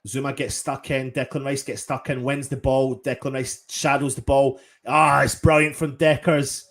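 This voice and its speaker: A man calls the match as a passionate fan, dropping to mutters and bursting into shouts. His voice is mid-pitched and recorded close and dry, with no room around it. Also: moderate pace, few pauses, no room sound. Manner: excitable, swears, swings from muttering to shouting. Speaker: fan watchalong commentator. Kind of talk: partisan live match commentary.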